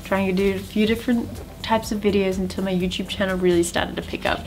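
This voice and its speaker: A young woman talks through her own story in a casual vlog voice. She is chatty and upbeat and pokes fun at herself, at a middle pitch for a woman. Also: steady tone, quick pace, over music. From Australia. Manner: chatty, upbeat and self-deprecating. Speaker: streamer and YouTuber.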